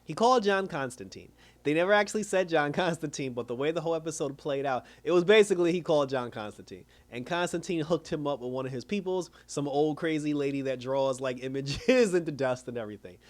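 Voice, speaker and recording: A man's voice: fairly high pitch, lively intonation, fast talker. A man casually recapping and reviewing a TV episode, chatty and laughing often as he retells scenes. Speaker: TV show reviewer.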